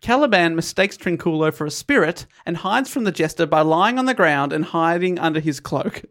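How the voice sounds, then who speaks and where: A man casually retelling a play to friends, animated and laughing often. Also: on the high side, normal speed. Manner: animated storyteller, laughs often, acts out quotes. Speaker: podcast host retelling a play. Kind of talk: casual chat.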